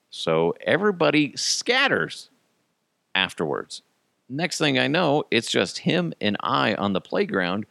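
A man hosting a podcast, telling a profane, animated story in a casual way and laughing at his own jokes. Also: low voice, unhurried, gravelly, dry recording. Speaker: podcast host.

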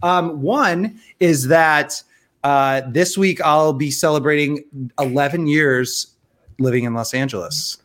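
A podcast co-host, a man in his thirties, talks in a slightly high voice. He rambles through his stories with lots of fillers. When he gets worked up, his voice shoots up and turns excitable. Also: slow pace. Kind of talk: casual chat.

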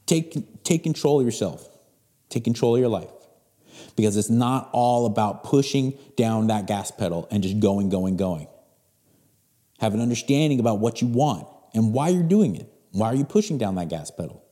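Emphatic man in his forties, lively pitch. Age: 40s. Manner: blunt, emphatic, swears freely. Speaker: podcast host. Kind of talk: motivational monologue.

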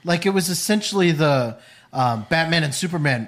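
Podcast dude poking holes in the show, kinda high voice, bouncy. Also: male voice, lively intonation, normal speed, a bit bright, a little hiss or hum. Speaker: podcast co-host. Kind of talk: casual chat.

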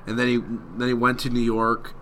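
A man's voice: mid-range voice, monotone, brisk, a bit bright, slight background noise. A man co-hosting a sports podcast, joking around and rambling through his points. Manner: jokey, rambling. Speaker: podcast co-host. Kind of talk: casual sports chat.

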